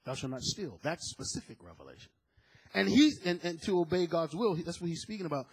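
Preacher, male, husky and high, fervent delivery with emphatic repeats. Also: sing-song, quick pace, rough recording. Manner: fervent, emphatic, repeats words when moved. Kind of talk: sermon.

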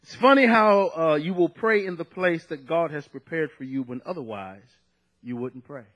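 A man's voice: on the high side, normal speed, fairly bright tone, poor audio. A man preaching a sermon, conversational and at times emphatic, drawing out key phrases.

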